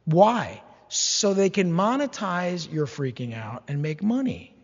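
A man preaching a sermon, animated and humorous, slipping into mock-whining voices as he acts out complaints. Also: high-pitched, takes it slowly, long reverb tail, dull audio. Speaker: pastor.

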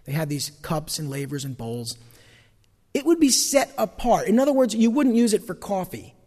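Animated high-voiced male pastor preaching. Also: normal speed, long reverb tail. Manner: animated preaching, folksy asides. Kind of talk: sermon.

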